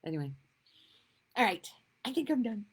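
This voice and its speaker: A middle-aged woman giving casual spiritual talk to her viewers, gushing and laughing often, sometimes dropping to a soft whisper. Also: on the high side, very animated, moderate pace, slightly rough, poor audio. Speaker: spiritual vlogger.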